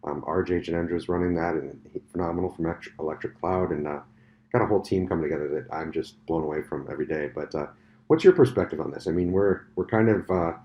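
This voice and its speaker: A middle-aged man hosting a podcast interview in a casual chat style, an animated storyteller with quick asides and restarts. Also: deep voice, dull audio. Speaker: podcast host. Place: conference venue.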